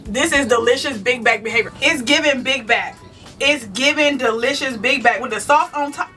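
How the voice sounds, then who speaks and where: A vegan cooking channel host, a woman with a bright, high voice, talks at normal speed in a chatty, self-deprecating way, calling her viewers "y'all" as she cooks in her home kitchen. It's picked up on a distant mic with faint music behind her.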